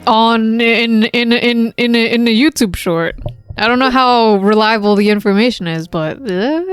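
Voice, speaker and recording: A woman's voice: a little high, a little slow, clear, resonant tone, faint music behind. A woman streamer chatting casually while playing, giggly and rambling. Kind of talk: casual game-stream chat.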